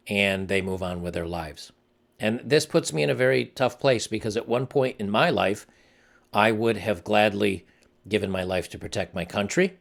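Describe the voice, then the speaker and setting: A man's voice: fairly low pitch, creaky. A man hosting his own channel, talking earnestly and somberly in a casual commentary monologue, often restarting his sentences. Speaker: channel host.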